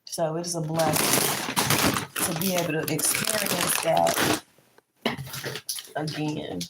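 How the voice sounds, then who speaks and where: A candid woman in her late thirties chats casually to her viewers while she tidies the kitchen of her small apartment. Her voice sits fairly low for a woman. The home recording carries a clear layer of background noise. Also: fairly even intonation, slow pace. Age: 30s. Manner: chatty, candid, talks to viewers as y'all. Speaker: vlogger. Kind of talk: casual chat while doing chores.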